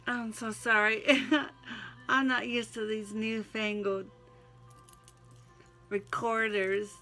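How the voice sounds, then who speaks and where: A woman's voice: on the high side, level tone, slow, pushed and bright, faint music behind. An older woman with a Southern accent, chatting in a folksy way into her phone and sneezing now and then, then reading a devotional poem. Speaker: poetry reader.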